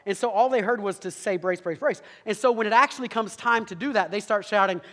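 A man telling a humorous story in a sermon, animated and quick, with asides to the audience. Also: high voice. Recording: long hall reverb.

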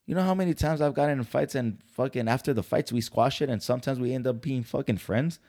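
A man's voice: medium pitch, fast, a little mellow. A man hosting a podcast, ranting in a casual, heated and profane way. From California. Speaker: podcast host. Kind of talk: casual commentary.

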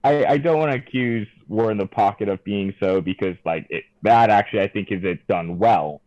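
A man in casual podcast chat, hesitant and measured, with many restarts. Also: fairly low pitch, a little mellow, no echo. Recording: dull, dry lo-fi mic.

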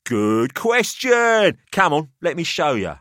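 A guy doing a loud jolly old collector, pitch bouncing all over, bossy and patronising. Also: big pitch swings, slow pace, no echo, studio quality, exaggerated voice. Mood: jovial. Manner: expansive, theatrical, patronising. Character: pushy, jovial older male collector.

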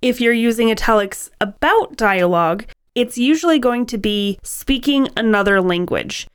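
A woman's voice: a little high, moderate pace, clear, resonant tone. Wry woman co-hosting a writing podcast. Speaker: podcast co-host. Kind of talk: conversational writing-advice podcast.

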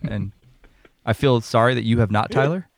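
A man's voice: mid-range voice, moderate pace, dry recording, clean studio sound. A man hosting a podcast, chatting casually about a film, swearing freely and laughing along. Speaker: podcast host.

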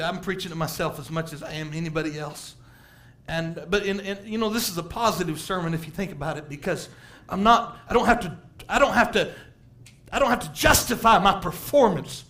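A middle-aged man preaching a sermon as pastor, animated, laughing and acting out quotes from people. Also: high-pitched, a little fast.

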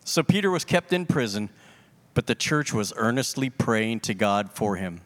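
Man with a mid-range voice giving a measured scripture reading in church. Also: mid-range voice, sing-song. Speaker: scripture reader. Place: church sanctuary.

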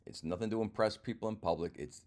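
A man's voice: lowish voice, fast talker, a little mellow. An older man, a comedian, talking through a casual rambling monologue in a wry, self-mocking way and swearing freely.

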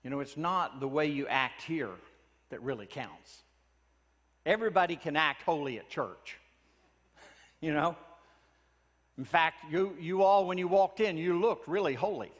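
A man preaching a sermon in a church, earnest and pleading, often dropping his voice to a hush for emphasis. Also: on the high side, a little slow, pauses often, big-room sound. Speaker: pastor.

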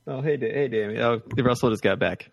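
A man co-hosting a podcast in casual chat, playful and quick to laugh. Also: medium pitch, vocal fry, lo-fi sound. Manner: giggly, playful, laughs often. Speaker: podcast co-host.

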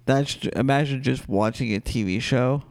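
Gravelly blunt man chatting. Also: mid-range voice, normal speed, dry recording. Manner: blunt, crude, jokey. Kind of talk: casual chat.

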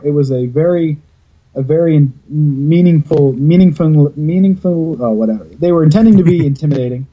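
A man's voice: a little high, fairly quick, highs cut off. A man hosting a podcast over a video call, telling stories in a rambling, casual way and swearing freely. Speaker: podcast host.

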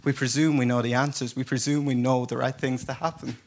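A male pastor preaching to his congregation with a relaxed, chatty delivery. He tells stories like a friend would, pokes fun at himself and often breaks into a laugh. His voice sits at an ordinary middle pitch for a man. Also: brisk. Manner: casual storytelling, self-deprecating humor, laughs often. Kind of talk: conversational sermon. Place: church service before a congregation.

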